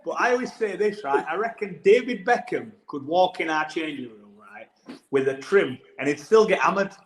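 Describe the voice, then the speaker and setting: A man's voice: sits high, expressive, moderate pace, slight background noise. A man, a rugby player guest, telling a story in casual podcast chat with lots of restarts. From England. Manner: rambling anecdotal storytelling with restarts. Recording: echoey room.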